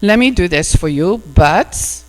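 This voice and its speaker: A woman's voice: lowish voice, animated, measured pace. A woman voicing a strange little man who offers sly bargains, speaking in a casual, offhand tone in an echoey hall with a mains hum. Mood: bargaining.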